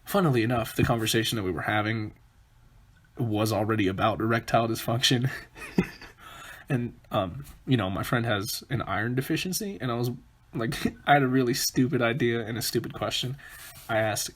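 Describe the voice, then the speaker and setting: A man hosting a comedic solo podcast, with a husky, breathy voice at a middle pitch. He rambles from one joke to the next and keeps interrupting himself. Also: brisk. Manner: rambling, self-interrupting, jokey. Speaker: podcast host.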